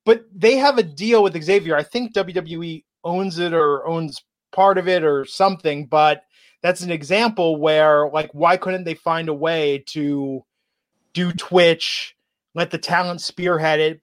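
A man's voice: on the high side, a little slow. A man co-hosting a podcast, reading out viewer messages with wry asides. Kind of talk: casual podcast chat.

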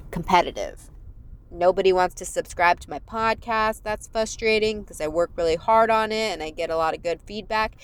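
A woman's voice: fairly low pitch, smooth. A young adult woman comedian, hosting her own podcast, ranting sarcastically and with heavy swearing while driving home at night in a car. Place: car in freeway traffic at night.

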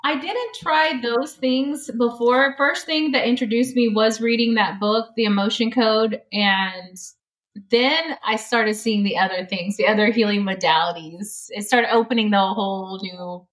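A woman's voice: a little high, unhurried, a bit bright. A middle-aged woman, a guest on an interview show, talking earnestly about healing and often laughing as she speaks. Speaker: energy healing practitioner, guest. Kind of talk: conversational interview.

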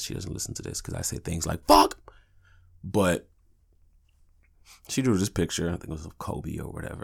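Deep gravelly man rambling on a podcast. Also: darkish tone. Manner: rambling, profane, laid-back storytelling. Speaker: podcast host. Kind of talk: casual solo podcast monologue.

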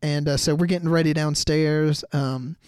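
A man's voice: on the high side, steady tone, normal speed, a little mellow, clean tone, no echo, studio quality. A young man hosting a podcast, telling a story in a rambling casual way full of "like" and "you know". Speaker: podcast host.

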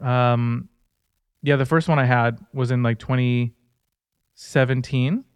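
Earnest, smooth-voiced man on a podcast. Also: medium pitch, steady tone, takes it slowly, no echo, clean studio sound. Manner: earnest storytelling. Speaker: podcast co-host. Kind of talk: casual faith-based podcast chat.

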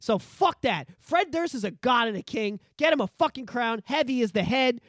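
A fairly high, very lively male voice runs a casual podcast chat, cursing and often shouting as he gets worked up. The sound is close and dry, with no room around it. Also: normal speed, no room sound. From Canada. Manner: loud, profane and animated, often shouting. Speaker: podcast co-host.

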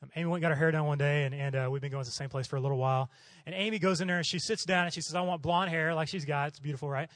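Middle-aged male missionary preacher from Oklahoma, quick and animated storyteller, slightly high voice, dry close sound. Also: no echo. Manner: animated, acts out voices in his stories. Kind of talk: storytelling sermon.

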